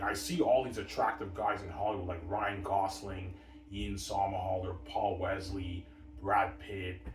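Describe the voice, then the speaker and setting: A man talking in a repetitive, profane, rambling monologue. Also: low voice. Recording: echoey room, mic far off.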